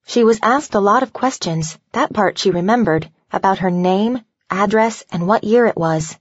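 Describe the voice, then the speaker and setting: A woman narrating a novel aloud in an even, measured storytelling voice. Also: medium pitch, husky, no echo, highs cut off. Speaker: audiobook narrator.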